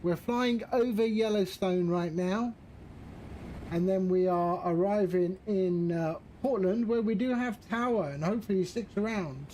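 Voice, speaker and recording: Man, live-stream chat, high voice, slow easygoing pace, chatty. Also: dark tone, a little hiss or hum, poor audio. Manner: chatty, greets viewers by name. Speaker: flight-sim streamer.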